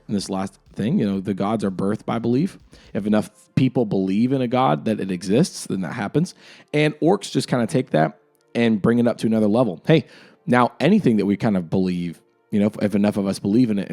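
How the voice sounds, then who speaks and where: A man's voice: lowish voice, a little mellow. A young man, a game master, talking casually about his campaign world, rambling with lots of fillers. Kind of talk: casual lore talk. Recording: music in the background.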